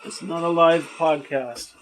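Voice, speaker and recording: A man's voice: on the high side, steady tone, slight background noise, low-quality recording. A man running a spirit box session, patiently asking the spirits questions again and again. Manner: questioning, patient, asks slowly and repeatedly. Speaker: paranormal investigator.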